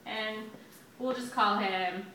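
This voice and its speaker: Woman, grammar teacher, bright voice, upbeat and chatty, roomy echo, slightly off-mic. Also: mid-range voice, fairly even intonation, slow pace, distant mic, a little hiss or hum. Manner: chatty, upbeat, stretches out words while writing. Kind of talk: classroom lesson at a whiteboard. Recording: echoey room, voice a bit off-mic.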